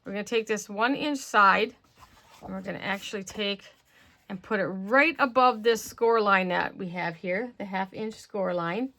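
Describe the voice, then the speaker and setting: A woman with a gravelly, slightly worn voice walks through a paper craft step by step, talking casually as she works. She murmurs and trails off now and then while her hands are busy, at a middling pitch. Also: normal speed, bright, forceful tone. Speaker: craft tutorial host.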